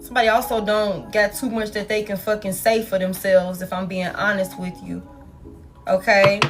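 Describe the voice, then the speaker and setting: A woman's voice: mid-range voice, flat delivery, moderate pace. A woman doing a tarot reading for her viewers in casual, blunt, profane talk, calling them y'all. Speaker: tarot reader. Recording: soft music in the background.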